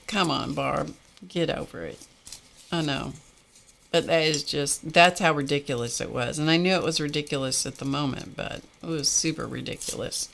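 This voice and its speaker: A chatty woman talks her viewers through her craft work on a live stream, laughing as she goes. Her voice sits a little low for a woman. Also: unhurried, vocal fry, long pauses. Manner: chatty and animated, laughs often. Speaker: art livestream host. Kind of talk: casual live-stream chat while crafting.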